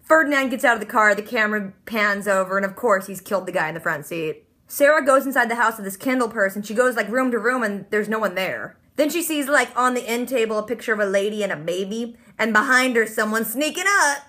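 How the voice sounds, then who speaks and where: A woman hosting a casual TV episode recap, animated and bubbly, quoting characters with "like". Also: a little high, fast.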